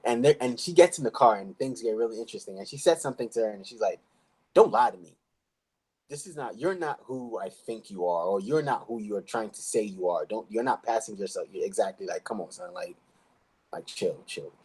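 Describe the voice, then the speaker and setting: Guy with a low husky voice rambling thru an episode recap, does the characters' lines. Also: lively intonation, fairly quick, darkish tone, rough recording. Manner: rambling retelling with acted-out quotes. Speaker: podcast co-host. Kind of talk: casual show recap chat.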